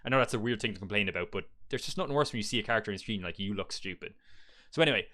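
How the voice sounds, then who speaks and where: A man's voice: fairly low pitch, lively intonation, racing, bright, forceful tone. A man giving a casual, blunt game review, chatty and peppered with fillers and swearing.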